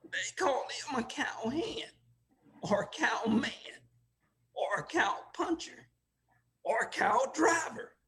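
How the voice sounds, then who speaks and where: A man's voice: extremely high pitch, animated, takes it slowly, pauses often, a bit bright, a little hiss or hum. An older man telling oral history as an interview guest, emotional and often laughing as he speaks.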